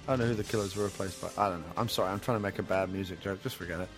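A man's voice: low voice, racing, music in the background. A man co-hosting a casual movie commentary podcast, joking around. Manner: jokey, puts on silly voices. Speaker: podcast co-host.

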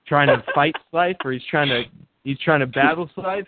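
A man's voice: on the high side, moderate pace. Pushy male host over a noisy line. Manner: pushy, egging others on. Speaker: podcast host. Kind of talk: podcast banter. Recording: tinny line with noise.

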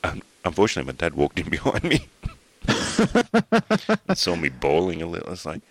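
A man's voice: low voice, huge pitch swings, moderate pace, dry recording. An Australian man, a middle-aged podcast host, tells a rambling personal story in casual chat, restarting his sentences and swearing offhandedly.

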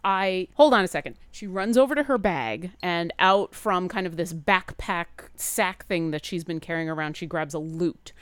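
Woman game master, relaxed tabletop narration, resonant tone, dead-dry sound. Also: lowish voice, normal speed, few pauses, clear, resonant tone, dry recording. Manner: relaxed storytelling with fillers.

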